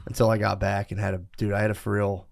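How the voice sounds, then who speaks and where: A man telling a rowdy story on a casual podcast, profane and animated. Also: on the low side, vocal fry. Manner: fast, profane, animated storytelling with acted quotes. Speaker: podcast co-host.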